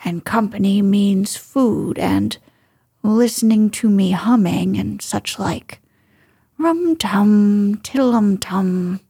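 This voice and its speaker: A woman doing gentle Winnie the Pooh. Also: mid-range voice, takes it slowly, creaky, breathy edge, full character voice. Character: cheerful, simple male teddy bear.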